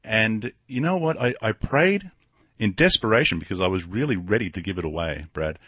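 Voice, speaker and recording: A man hosting a talk show, speaking haltingly and repeating words as he tells of his own past. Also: on the low side, animated, fairly bright tone, husky, no room sound. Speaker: host. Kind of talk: casual talk interview.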